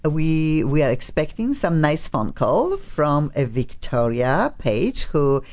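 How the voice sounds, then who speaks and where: A woman's voice: deep voice, sing-song, slow, a little mellow. A woman hosting a radio talk show in a studio, chatting playfully with guests, stretching words for emphasis and sounding a bit sleepy. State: sleepy, low on energy. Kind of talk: casual radio chat. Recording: slightly dull radio broadcast sound.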